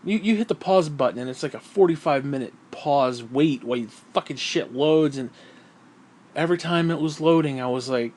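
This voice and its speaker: A man's voice: fairly high pitch, moderate pace, darkish tone. A man talking through a profane, rambling vlog monologue, short of breath and sighing often. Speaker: vlogger.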